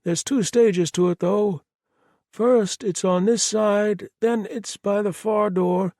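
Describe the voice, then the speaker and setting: A chirpy, polite murderer. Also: male voice, high voice, steady tone, slow pace, darkish tone, no echo, studio quality, voice pushed up. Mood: cheerfully apologetic. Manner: chirpy, apologetic, oddly reasonable. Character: cheerful, polite, remorseless male murderer. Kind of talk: audiobook character voice.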